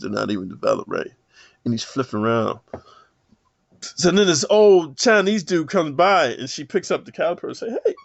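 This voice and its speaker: A man giving a rambling, profane monologue to camera, rough street talk full of "man". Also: medium pitch, dry recording. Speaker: self-help vlogger. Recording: dull lo-fi dry sound.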